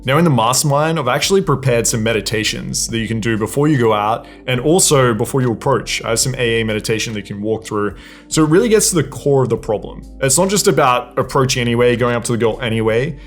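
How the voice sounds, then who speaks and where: Young male voice coach, easygoing and demonstrative, mid-range pitch, soft music underneath. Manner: casual, demonstrates exercises with hums and sighs. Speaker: dating and voice coach. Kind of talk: instructional talk to camera.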